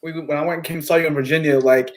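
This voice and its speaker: Male podcast host, high voice; loose, laughing, filler-heavy recollection. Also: fairly even intonation, racing, rough recording. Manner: laughing, rambling recollection full of "like". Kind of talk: casual podcast chat.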